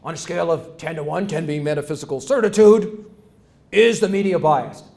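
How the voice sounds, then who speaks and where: A man doing an impression of an emphatic older male TV panel host, speaking slowly with stressed words. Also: on the high side, creaky, a little mellow.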